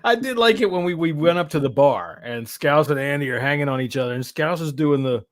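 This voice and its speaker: A man's voice: fairly high pitch, expressive, a little fast, no room sound, studio quality. A middle-aged man hosting a podcast in casual chat, laughing often and swearing as he banters. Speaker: podcast host.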